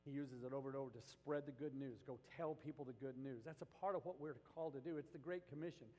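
A man's voice: medium pitch, fast, darkish tone, in a large hall, low-quality recording. A man preaching a sermon as pastor, impassioned, rising to emphatic peaks and acting out the voices he quotes.

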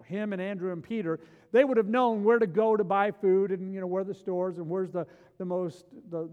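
A male preacher giving a sermon in a church, animated, repeating words as he acts out biblical scenes. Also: high voice. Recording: long hall reverb.

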